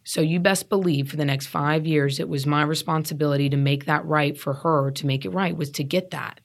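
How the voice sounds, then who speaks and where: A woman's voice: sits low, fairly even intonation, fairly quick. A woman in her thirties, a guest telling her recovery story in an earnest, emphatic way, often repeating herself to stress a point. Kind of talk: candid personal storytelling.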